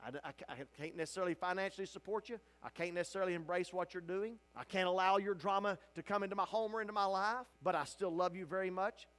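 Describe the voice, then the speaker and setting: A male pastor teaching a Bible study in a church sanctuary. His voice sits high, and he preaches with fervor, crying out at the peaks and falling to a hushed, tender hush when he comforts. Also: fairly even intonation, fast, few pauses. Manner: impassioned, swinging from loud cries to hushed, tender delivery.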